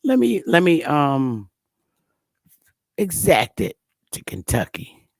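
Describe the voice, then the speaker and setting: Woman livestream host, slow and unhurried, blunt and profane, quick to exclaim, dry close sound. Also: sits low, sing-song, gravelly, darkish tone, no room sound. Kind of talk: casual livestream commentary.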